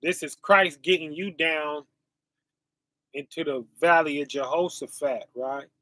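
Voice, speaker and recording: A man's voice: on the high side, bright, forceful tone, no room sound. A male preacher, reading scripture and asking his listeners "right?" as he goes. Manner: call-and-response asides, often asking "right?"; reads verses slowly and drawn out.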